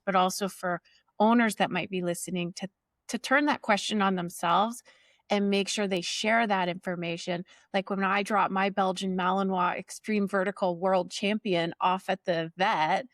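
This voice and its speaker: A woman podcast host and dog trainer explaining advice in a steady, clear way. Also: medium pitch, dry recording, studio quality. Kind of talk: podcast interview chat.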